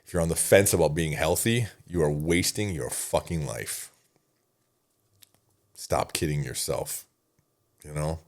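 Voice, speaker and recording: A man's voice: very deep voice, measured pace, pauses often. A middle-aged man, a podcast guest, telling an emotional personal story in earnest, sometimes swearing and dropping almost to a whisper. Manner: emotional, earnest, swearing at times, drops to near-whisper in sad moments.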